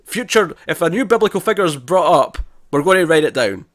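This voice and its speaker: A man co-hosting a casual TV review podcast, talking in an animated, exasperated way and swearing now and then. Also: fairly high pitch, fairly quick, dry recording, studio quality. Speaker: podcast co-host.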